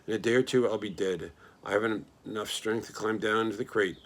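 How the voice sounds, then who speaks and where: A man voicing a calm, wise female spider who speaks gently and measuredly. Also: fairly low pitch, brisk, natural voice. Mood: tender.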